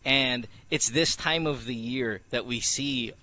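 A man's voice: medium pitch, slow pace, pushed and bright. A middle-aged man hosting a morning radio show, joking and teasing his co-host and mixing in Tagalog words.

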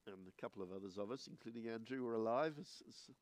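A man in his sixties with a croaky, hoarse voice, preaching a sermon and praying, measured and a little hesitant. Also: lowish voice, no echo. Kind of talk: sermon with scripture reading and prayer. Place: church.

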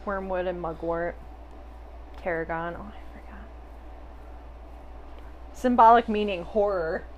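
A woman's voice: fairly low pitch, a little slow, muffled recording, slight background noise. A woman hosting a podcast, chatting casually, laughing often and swearing offhandedly. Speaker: podcast host.

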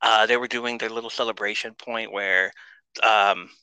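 A man tells a rambling, excitable story as a podcast guest, swearing freely and restarting his sentences. His voice is very bright and sharp. The recording is close and dry. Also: on the low side, normal speed, smooth, no echo, rough recording. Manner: excitable, profane, with frequent restarts. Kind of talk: casual storytelling.

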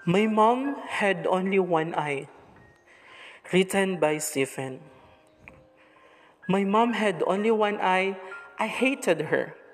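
A woman teacher reading a story aloud to her class in a slow, deliberate way. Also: medium pitch, lively intonation, in a large hall, faint music behind.

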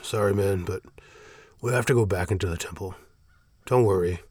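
A man voicing a worried young male priest who calls out urgently and then explains patiently, with a gravelly voice. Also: sits low, moderate pace, a little mellow, dry recording. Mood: explaining. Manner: urgent, raised and strained.

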